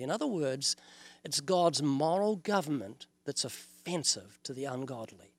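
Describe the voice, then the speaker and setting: A man's voice: fairly high pitch, expressive, a little slow, dry recording. An older man with a New Zealand accent, a guest on an interview show, explaining his message earnestly and acting out little dialogues as he goes. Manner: earnest, illustrative, quotes scripture and acts out dialogues. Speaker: evangelist guest. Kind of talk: preaching in an interview.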